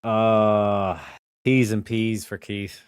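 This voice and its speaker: A man giving a casual reaction commentary on a show clip, excitable and profane, laughing often and swinging between loud outbursts and hushed remarks. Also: on the low side, very slow, clean tone, no room sound, studio quality.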